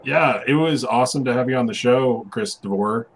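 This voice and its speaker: A man's voice: mid-range voice, normal speed, husky. A man co-hosting a casual show, joking loosely, laughing easily and swearing. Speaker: show co-host. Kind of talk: casual chat.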